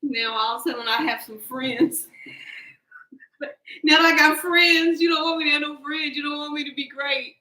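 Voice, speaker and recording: A woman giving a casual tarot reading, animated and joking, laughing often as she talks. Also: high voice, normal speed, roomy sound, rough recording. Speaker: tarot card reader.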